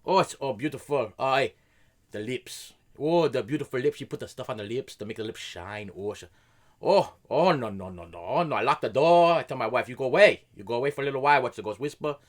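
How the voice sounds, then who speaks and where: A man voicing an excitable immigrant coworker who is a fan of a famous singer, speaking in exclamatory broken English. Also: medium pitch, brisk, voice pushed up, lightly acted. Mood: excited.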